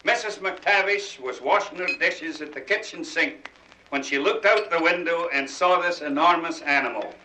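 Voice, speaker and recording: A man's voice: a little high, normal speed, sharp tone, a little hiss or hum, rough recording. A man with a Scottish accent telling jokes to a party crowd in a folksy style, chuckling as he goes. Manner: chuckling, folksy storytelling in dialect. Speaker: comedian.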